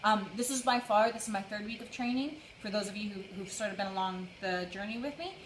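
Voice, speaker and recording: Training for a charity run, this young livestream host talks fast in a mid-range voice, out of breath as she runs on a treadmill indoors. She chats casually and welcomes viewers by name. The recording has an echoey room sound and faint noise.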